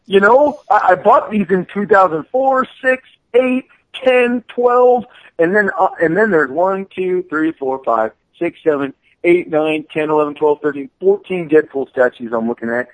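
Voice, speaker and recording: A man, a comic book artist, chatting casually on a podcast, rambling and animated with plenty of profanity. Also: high-pitched, moderate pace, no echo, poor audio.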